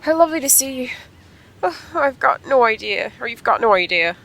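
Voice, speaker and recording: A woman voicing an injured young woman rider, reading game dialogue aloud in a lively, upbeat voice. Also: sits high, moderate pace, creaky, slight background noise, pitched above the performer's own voice, full character voice, low-quality recording. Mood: chatty.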